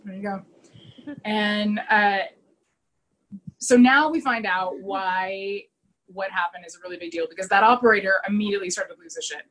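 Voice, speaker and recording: A woman's voice: medium pitch, normal speed, pauses often, a bit bright. A woman podcast host walks through an episode plot in loose, easygoing conversation. She rambles a little and leans on fillers as she goes. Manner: chatty, rambling, with many fillers. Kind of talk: casual chat.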